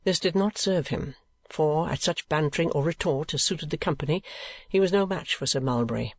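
A man reading a classic novel aloud at a steady, measured pace, his voice sitting a little higher than most men's. The recording is dry and close, with no room sound. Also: no echo. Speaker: audiobook narrator. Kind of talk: scripted narration of a classic novel.

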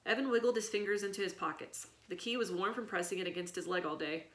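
A woman reading a children's chapter book aloud in an expressive storytelling manner. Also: medium pitch, fast talker. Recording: echoey room.

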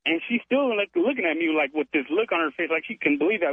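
Over a tinny phone line, a male caller rings into a radio show and tells a story in a boastful, chatty way, calling the host "dude." His voice is a little high, expressive, fairly quick and slightly rough, with no room sound.

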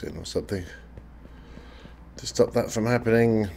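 A man with a sore throat and a croaky, gravelly voice, chatting casually and swearing freely as he comments on his own gameplay. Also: fairly low pitch, normal speed, pauses often, background noise. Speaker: let's play host.

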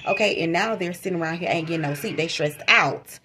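A woman's voice: on the low side, fast, few pauses, pushed and bright, a little hiss or hum. A woman giving a casual tarot reading to her viewers, slangy and repetitive, talking straight to them. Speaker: tarot reader.

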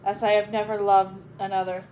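A woman's voice: medium pitch, level tone, mellow, dull audio, slight background noise, natural voice. A woman voicing a brash, boastful young captain. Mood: eager. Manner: boastful, quick to fight.

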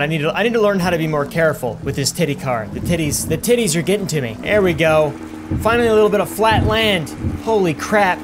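A man's voice: high voice, noisy background. A young man giving rambling, self-mocking gameplay commentary with plenty of swearing. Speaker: gaming YouTuber.

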